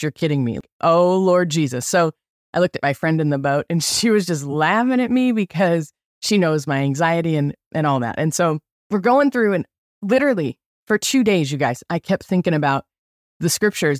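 Middle-aged woman podcast host, lively storyteller, dry close mic. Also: sits low, no room sound. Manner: animated, chatty, with lots of likes and okays. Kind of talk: casual storytelling.

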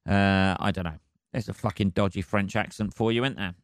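A man's voice: fairly low pitch, fairly quick, dry recording, clean studio sound. Sweary man rambling on a podcast. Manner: rambling, heavy swearing, laughs at his own jokes. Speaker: podcast host. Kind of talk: casual solo podcast monologue.

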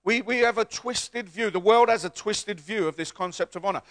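This is a man preaching in church, a pastor whose high-pitched voice keeps a normal speed. His sermon is lively and call-and-response, rising to shouts as he gets the congregation to repeat after him.

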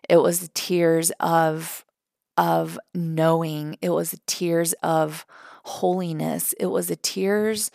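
A woman's voice: on the low side, gravelly, dry recording, studio quality. A young adult woman hosting a podcast, telling a personal story in an earnest, emotional way with many fillers and restarts. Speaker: podcast host.

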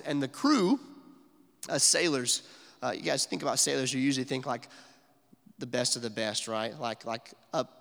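Gravelly-voiced preacher man in a reverberant hall. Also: medium pitch, fairly bright tone. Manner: conversational preaching with many fillers, drops to near-whisper for emphasis. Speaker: pastor. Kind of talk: sermon.

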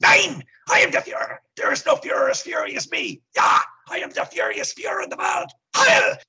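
A man's voice: very high voice, very animated, moderate pace, sharp tone, voice pushed up, full character voice. A man putting on a ranting German-accented Nazi colonel. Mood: manic. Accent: put-on German. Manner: barking orders, later ranting wildly. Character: pompous, vain Nazi colonel, male, middle-aged.

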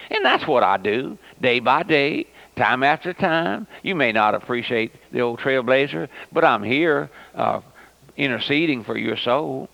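A man's voice: medium pitch, gravelly, fairly bright tone. A man, preaching a fervent radio sermon and calling his listeners my friend. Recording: dull lo-fi old radio recording.

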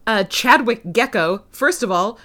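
A woman's voice: a little high, expressive, unhurried, fairly bright tone. A woman co-hosting a podcast in casual chat, making wry jokes and laughing often. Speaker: podcast co-host.

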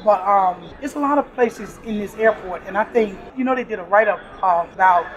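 A woman's voice: medium pitch, a little fast. A middle-aged woman who works at an airport store, talking in a casual, upbeat interview and laughing often. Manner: warm, upbeat, laughs often, preachy asides. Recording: crowded airport background. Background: crowd chatter.

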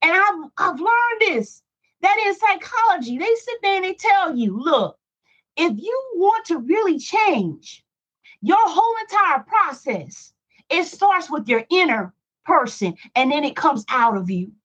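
High-voiced woman preaching a Bible study. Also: very animated, a little slow, a bit bright. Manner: repetitive, rhetorical questions, emphatic. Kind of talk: preaching to listeners. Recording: dull lo-fi recording.

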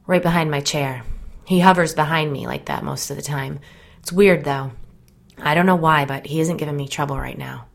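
A woman's voice: low-pitched, moderate pace, creaky. A woman reading an audiobook, voicing a troubled, volatile young man who speaks anxiously and earnestly. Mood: uneasy.

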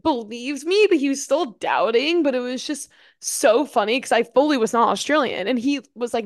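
Give me a young woman podcast co-host with a fairly high voice, chatting casually in a dry, close recording. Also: expressive, fast, no room sound. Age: 20s. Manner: chatty storyteller, laughs often. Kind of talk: casual chat.

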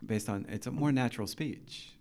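A man's voice: medium pitch, moderate pace, darkish tone. A man hosting a casual interview podcast as an English teacher, chatty and encouraging, asking lots of questions.

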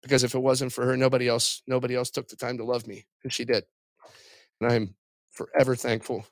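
A middle-aged man, a podcast guest, sharing a personal faith testimony in a halting, heartfelt way with frequent pauses and restarts. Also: mid-range voice, little pitch movement, no room sound.

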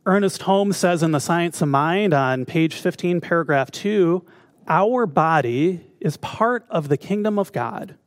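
A man with a slightly high voice gives a relaxed spiritual talk as a minister. He often turns to his listeners with questions. The sound is dry and close, with no room echo. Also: measured pace. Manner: conversational, asks the audience questions.

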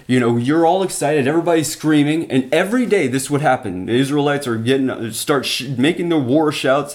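A man with a slightly higher voice is teaching from the Bible. He tells the story in an animated way, breaking off and restarting as he goes, and talks straight to his listeners. Now and then his voice climbs when he gets worked up. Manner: animated retelling with frequent restarts and asides. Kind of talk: sermon.

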